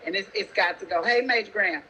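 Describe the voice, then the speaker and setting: Sassy single mom telling a story. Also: female voice, medium pitch, fast talker, a little hiss or hum, rough recording. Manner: sassy, animated, addresses listeners directly. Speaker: single mother, pre-K teacher. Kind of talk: casual storytelling.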